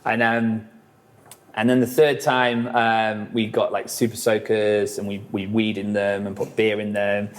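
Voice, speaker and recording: Man, low voice, rambling casual storytelling, lots of fillers and swearing. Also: flat delivery, measured pace. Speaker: musician guest.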